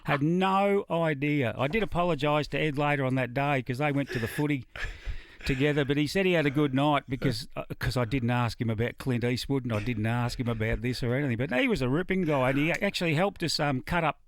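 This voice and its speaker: A man's voice: mid-range voice, brisk, dry recording. A middle-aged Australian man, a musician guest, telling dry, laconic stories in a casual radio interview. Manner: laconic, dry yarn-spinning.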